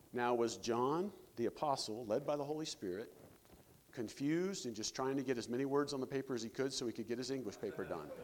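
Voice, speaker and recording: A man's voice: medium pitch, long reverb tail. A male pastor giving a sermon in a conversational preaching style, asking his listeners rhetorical questions.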